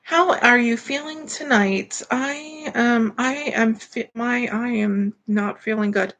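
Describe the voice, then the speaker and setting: A woman's voice: fairly high pitch, slow, fairly bright tone, a little hiss or hum. A woman hosting a live stream, chatting casually in a rambling way with lots of fillers and greeting viewers by name.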